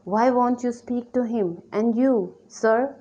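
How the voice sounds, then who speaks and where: A woman's voice: on the high side, takes it slowly, dark tone, pitched above the performer's own voice. Woman reading as a chiding worldly lady. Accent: Pakistani English. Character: scolding worldly lady peacemaker. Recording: dull lo-fi recording.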